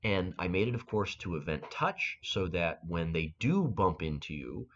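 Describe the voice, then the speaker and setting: A man with a fairly low voice walks through a software tutorial, often stumbling and restarting mid-sentence as he thinks aloud. The recording sounds dull and lo-fi, with muffled highs. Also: lively intonation, slight background noise. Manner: halting explanation with frequent restarts and fillers. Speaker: game-making tutorial host.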